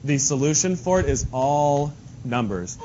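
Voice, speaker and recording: A male math teacher giving a lively, joking lesson to his class in a classroom. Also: a little high, unhurried. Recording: dull lo-fi classroom recording with faint noise.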